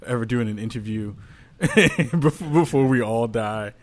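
A man's voice: mid-range voice, a little slow. A man hosting a casual podcast, joking around and calling on panelists. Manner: joking, loose moderator. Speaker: podcast host.

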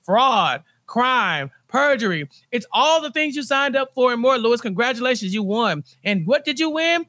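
A man co-hosting a recap podcast with a high, bright voice. He rants with animated, mocking energy, and the sound is dry and close on a studio mic. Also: dry recording. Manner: animated ranting with mocking impressions. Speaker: podcast co-host.

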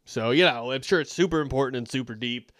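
A man's voice: medium pitch, quick pace, a bit bright, no room sound. Sarcastic man reviewing a sermon, dry. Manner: sarcastic, incredulous, rambling. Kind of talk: critical commentary.

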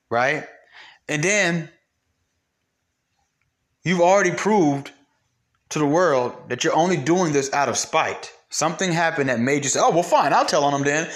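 A man's voice: a little high, fairly bright tone. A young man hosting solo commentary, blunt and profane, ranting with mocked quotes. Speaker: commentary host.

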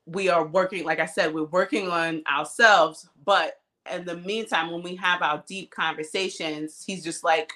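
A woman's voice: lowish voice, fairly even intonation, moderate pace, bright, forceful tone. A woman in her thirties co-hosting a podcast, talking candidly and chattily, often laughing, recorded on a cell phone. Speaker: podcast co-host. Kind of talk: casual chat.

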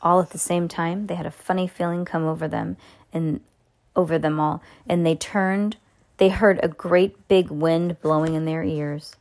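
A woman's voice: lowish voice, normal speed. Woman reading a storybook aloud. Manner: lively with small slips and asides. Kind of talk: reading a children's book aloud.

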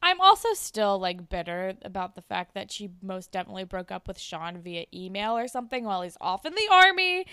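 A woman's voice: medium pitch, big pitch swings, brisk, few pauses, pushed and bright, clean tone, no room sound, clean studio sound. A young woman co-hosting a podcast, chatting casually and recapping a TV episode, animatedly acting out the characters' lines. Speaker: podcast co-host.

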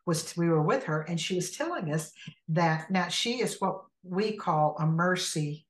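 Lively storytelling woman, roomy echo. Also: on the low side, measured pace. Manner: animated storyteller who acts out the people in her stories. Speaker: inner healing minister, podcast guest. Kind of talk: storytelling in a conversational interview.

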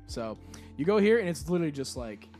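This man co-hosts a casual chat podcast, recapping a video game with friends. His pitch swings widely as he acts out the characters' lines. Faint music plays underneath. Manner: animated, quick to act out characters' lines. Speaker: podcast co-host.

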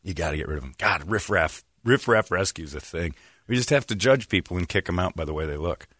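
A man's voice: sits low, lively intonation, fairly quick, fairly bright tone, no echo, clean studio sound. A middle-aged man hosting a casual talk show, telling stories and acting out the voices of the people in them. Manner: storytelling, acts out voices in anecdotes. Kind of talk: casual chat.

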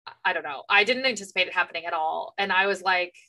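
A woman's voice: lowish voice, fast, sharp tone. A woman co-hosting a book club podcast, chatting casually about a novel. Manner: chatty, reacting with surprise. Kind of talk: casual chat.

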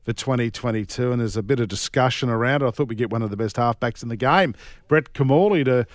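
A man's voice: medium pitch, quick pace, no room sound, clean studio sound. A man with an Australian accent co-hosting a radio sports show, joking, teasing his co-host and plugging the text line. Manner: jokey, teasing, upbeat plugs. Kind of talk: casual radio banter.

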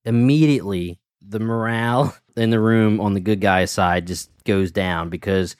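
A man's voice: fairly low pitch, moderate pace, clean tone, no room sound, studio quality. A man co-hosting a podcast, chatting casually about a TV episode and hedging his explanations. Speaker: podcast co-host. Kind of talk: casual episode recap chat.

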